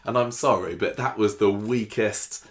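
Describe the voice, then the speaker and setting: A man hosting a casual chat show, recapping soap opera scenes in a chatty way with quick quoted lines. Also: on the low side.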